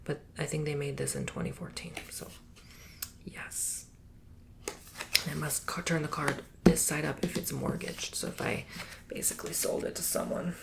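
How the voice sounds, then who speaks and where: A man whispers his way through a sassy ASMR tutorial, teasing and playful with the listener. His voice is gravelly and close. A steady hiss and small clicks sit under the recording. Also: fairly high pitch, normal speed. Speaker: ASMR creator.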